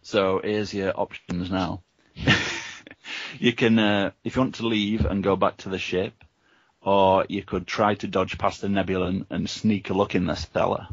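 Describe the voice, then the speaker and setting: A man reading a gamebook aloud to friends as host, steady and offering them the choices. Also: low-pitched, a little slow, breathy edge, dry recording, muffled recording. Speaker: reader and host.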